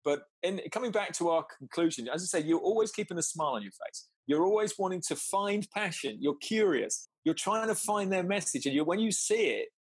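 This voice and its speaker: A man's voice: sits high, animated, a little fast, hardly any pauses, husky, dry recording. A man chatting as a podcast guest, telling stories, laughing often and acting out both sides of conversations. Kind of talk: casual storytelling chat.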